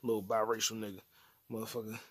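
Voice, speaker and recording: A man's voice: lowish voice, little pitch movement, quick pace, slightly rough, no room sound. A man in his late twenties hosting his own podcast alone, rambling casually in a loose, profane, slang-heavy way. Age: 20s. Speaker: podcast host. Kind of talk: casual solo podcast rant.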